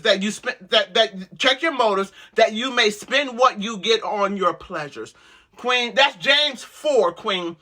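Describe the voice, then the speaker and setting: A woman host preaching to women with loud, exuberant energy, breaking into whoops and repeated calls to listen. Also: mid-range voice.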